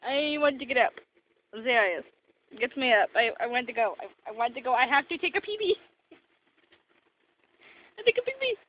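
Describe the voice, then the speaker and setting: A woman's voice: sits high, lively intonation, normal speed, long pauses, dull audio, a little hiss or hum. A young woman voicing her grumpy, sassy house cat in a petulant, whiny way, recorded on a phone. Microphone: phone camera.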